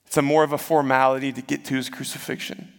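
A man's voice: mid-range voice, flat delivery, fast, gravelly. A man preaching a sermon, retelling the story in a conversational way and acting out the quotes. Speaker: pastor. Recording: long hall reverb.

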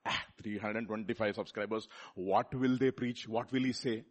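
A man with a Telugu accent preaching a sermon, repeating words and building up to loud rhetorical questions. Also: fairly low pitch, fairly even intonation, moderate pace. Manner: repeats words and restarts phrases.

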